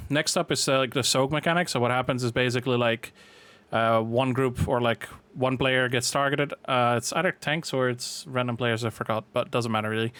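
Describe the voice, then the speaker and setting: A man explains a game boss fight in a loose, laid-back way, stopping often for fillers as he works through each step. His voice sits at an ordinary middle pitch. The sound is dry, with no room echo. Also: smooth. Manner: relaxed, filler-heavy explaining. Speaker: game guide creator. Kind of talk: casual walkthrough of a raid boss.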